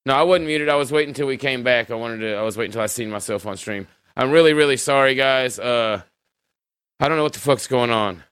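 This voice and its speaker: A man's voice: mid-range voice, brisk, fairly bright tone, smooth, no echo. A man hosting a livestreamed interview, talking in a loose, profane, rambling way. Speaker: podcast host. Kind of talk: casual livestream conversation.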